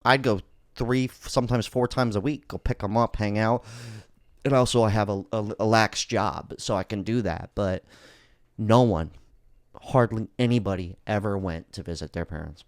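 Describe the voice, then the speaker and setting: A man's voice: on the low side, normal speed, dry recording, clean studio sound. A man hosting a casual solo podcast, talking bluntly and swearing freely as he rambles through his thoughts. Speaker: podcast host.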